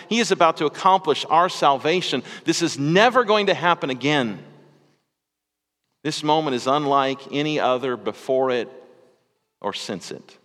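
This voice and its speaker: A man's voice: on the high side, fairly bright tone. A man preaching in a reverberant church. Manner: conversational preaching with small repeats and asides. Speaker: pastor. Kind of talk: sermon.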